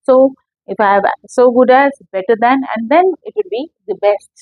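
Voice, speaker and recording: Patient female English teacher, higher voice, dry lo-fi classroom-lesson recording. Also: moderate pace, no echo. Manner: patient, explains step by step with questions to students.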